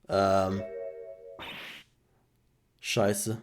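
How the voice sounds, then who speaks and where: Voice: mid-range voice, measured pace, long pauses, darkish tone, a little hiss or hum. A streamer giving wry, casual gameplay commentary.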